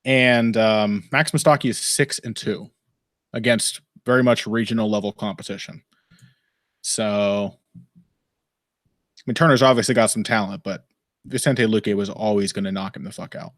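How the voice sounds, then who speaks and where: A man's voice: fairly low pitch, steady tone, moderate pace, long pauses, fairly bright tone, no room sound. A man hosting a casual live fight commentary stream, rambling and wry, swearing freely and laughing often. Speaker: podcast host. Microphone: headphones and desk mic.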